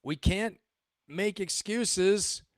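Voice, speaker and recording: The voice sits high and moves extremely slowly, recorded in clean studio sound without room sound. It belongs to a middle-aged former Marine officer hosting his channel, giving emphatic, repetitive commentary laced with rhetorical questions for his viewers.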